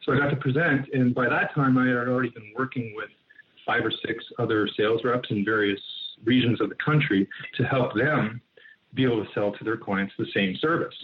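A man tells an animated business story as an interview guest, full of asides and restarts. His voice has a middle pitch. It comes through a thin, phone-like line with a faint hiss underneath. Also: brisk. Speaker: entrepreneur guest.

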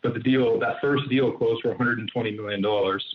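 A man tells an animated business story as an interview guest, full of asides and restarts. His voice has a middle pitch. It comes through a thin, phone-like line with a faint hiss underneath. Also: fairly quick. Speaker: entrepreneur guest.

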